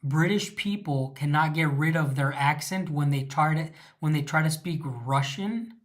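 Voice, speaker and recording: With a slightly high voice at normal speed, a California man runs a casual livestream. He reacts to comments from his audience, reading the chat aloud in a rambling style packed with fillers.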